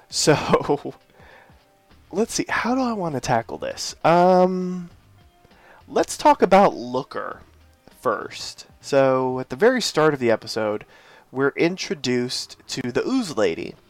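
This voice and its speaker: Gravelly, playful man. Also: medium pitch, wildly swooping pitch, takes it slowly, dry recording, soft background music. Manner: enthusiastic, playful teasing. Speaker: podcast co-host. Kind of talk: casual chat.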